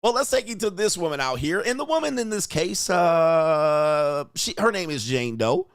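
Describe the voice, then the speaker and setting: A man's voice: a little high, big pitch swings, normal speed, no echo, studio quality. A man hosting a reaction commentary, talking in a blunt, mocking and exclaiming way. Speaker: host.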